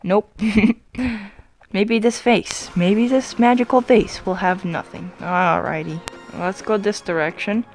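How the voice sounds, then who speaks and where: A woman talks through her gameplay in a casual, chatty let's-play voice at an ordinary mid pitch. She apologizes often and breaks into quick, excited exclamations, with faint music in the background. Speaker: YouTube gamer.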